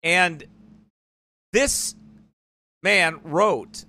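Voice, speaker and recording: Man, church livestream host, fairly high and forceful voice, rambling casual talk. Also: extremely slow. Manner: rambling, digressive. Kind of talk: casual live-stream commentary.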